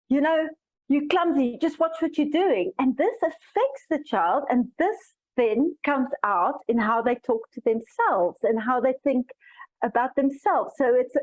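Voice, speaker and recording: A woman's voice: high-pitched, darkish tone, poor audio. A woman coach answering a panel question in a thoughtful, earnest way, often restarting her sentences. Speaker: coach and summit speaker.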